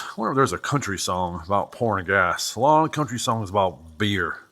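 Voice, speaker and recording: A man from New Hampshire talks his way through a repair job in a loose, rambling commentary. His pitch swings up and down a lot as he talks, and his tone is bright and forward. He keeps drifting into joking, self-deprecating asides. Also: big pitch swings, quick pace, few pauses. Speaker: host working on an old vehicle. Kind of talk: casual running commentary while wrenching.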